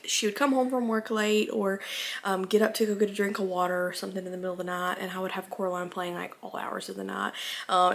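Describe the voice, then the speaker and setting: A woman's voice: mid-range voice, a bit bright. A young woman from Alabama, chatting casually in a rambling home vlog, a little out of breath. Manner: rambling, filler-heavy, chatty. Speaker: vlogger.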